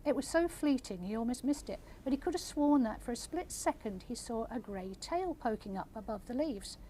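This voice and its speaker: Older female author, gentle measured reader at a live event. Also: fairly high pitch, expressive, a little hiss or hum. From England. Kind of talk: reading aloud then audience Q&A.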